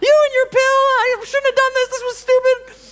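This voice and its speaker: A man doing a high, exaggerated falsetto impression of a panicked woman who regrets quitting. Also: level tone, normal speed, a bit bright.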